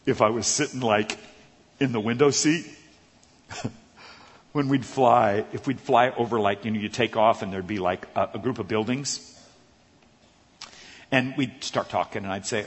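A man preaching a sermon, telling animated stories and acting out the voices of the people in them. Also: lowish voice, moderate pace, long pauses, breathy edge. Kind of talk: sermon with storytelling. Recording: reverberant hall.

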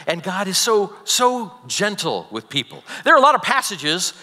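Man, pastor, sermon, lively pitch, bright tone, loud-to-soft swings, long hall reverb. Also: normal speed. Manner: animated, shifts from loud emphasis to soft near-whisper.

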